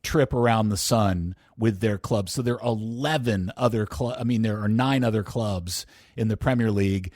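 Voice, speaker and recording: A man's voice: lowish voice, normal speed, darkish tone, dry recording, studio quality. A man co-hosting a casual podcast chat, rambling and correcting himself, laughing often. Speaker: podcast co-host.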